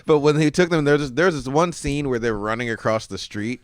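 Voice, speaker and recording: A man co-hosting a podcast in casual chat, laid-back but bursting out loud when worked up. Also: medium pitch, lively intonation, fairly quick, dry recording, clean studio sound. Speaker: podcast co-host.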